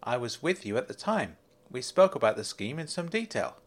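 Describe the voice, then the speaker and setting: A man's voice: mid-range voice, sing-song, fairly quick, lightly acted. A man voicing a polite, deferential male bank manager in a storybook reading. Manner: courteous, deferential, apologetic.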